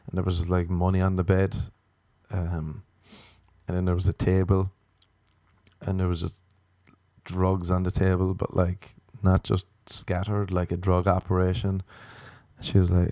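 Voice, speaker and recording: An Irish man, a comedian hosting a podcast, telling a story in a deadpan, monotone manner with casual swearing. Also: low voice, normal speed, pauses often, no echo.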